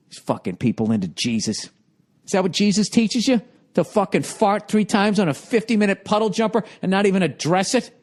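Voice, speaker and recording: A man in his forties hosting a podcast, telling a profane, ranting comedic story in a rambling monologue. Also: high voice. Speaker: podcast host.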